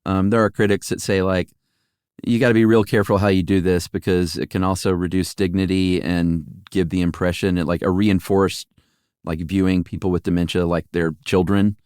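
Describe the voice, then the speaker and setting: Man, middle-aged, low voice, dry close sound, casual playful podcast chat. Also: flat delivery, normal speed, darkish tone, smooth, no room sound. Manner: playful, sings a jingle in a high voice. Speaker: podcast co-host.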